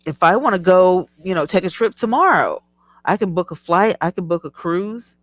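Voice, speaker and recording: A middle-aged woman hosting a casual live stream, chatty and animated, laughing often as she reads viewer comments. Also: fairly low pitch, a little fast, dry recording, rough recording. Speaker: livestream host.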